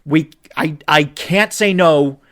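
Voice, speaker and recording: A man co-hosting a podcast, ranting about football with an animated, swearing delivery that climbs toward near-shouts when he gets upset. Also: a little high, slow. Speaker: podcast co-host. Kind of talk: ranting sports chat.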